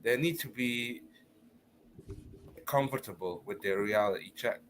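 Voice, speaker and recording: A man in casual football chat, making his point in a halting, rambling way. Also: mid-range voice, a little hiss or hum. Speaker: panelist.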